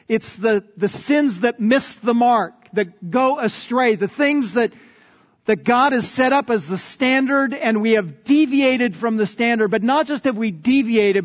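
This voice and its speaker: High-voiced man preaching slowly in a reverberant hall. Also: dull audio. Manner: earnest, emphatic preaching with deliberate repetition. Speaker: pastor. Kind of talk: sermon.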